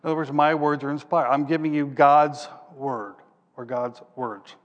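A man preaching a sermon in a fairly high voice, reading scripture aloud and then explaining it in plain words. He thinks out loud as he hunts for his next passage. His voice trails off into the long reverb of a large hall. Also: steady tone, normal speed, highs cut off.

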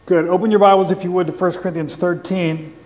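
Man, pastor, sermon, high-pitched voice, earnest teaching, slow scripture reading, long church reverb. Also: steady tone, darkish tone. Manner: earnest teaching with pauses and repeated phrases; slows down to read scripture aloud.

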